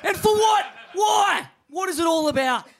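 An Australian man hosting a crude comedy surf podcast, swearing freely through long rambling stories. His voice sits very high and rings bright and forceful, and he shouts often. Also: lively intonation, moderate pace. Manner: foul-mouthed rambling storyteller, shouting often. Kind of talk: crude comedic surfer banter. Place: in front of a live crowd.

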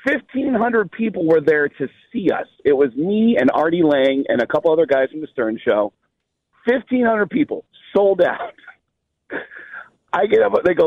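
Animated man telling comic stories. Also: high-pitched, moderate pace, no room sound, phone-quality sound. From New York. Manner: lively storyteller, voices the people in his anecdotes. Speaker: stand-up comedian, guest. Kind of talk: animated storytelling on a talk show.

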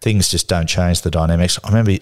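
Deep-voiced Australian man telling stories. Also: quick pace. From Newcastle, Australia. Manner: lively anecdotal, laughs through stories. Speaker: guest. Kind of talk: casual interview storytelling.

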